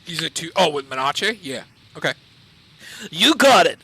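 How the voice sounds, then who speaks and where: A man playing a casual card game with friends, excitable and quick to swear and laugh. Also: fairly high pitch, a crowd in the background. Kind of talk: casual chat among friends.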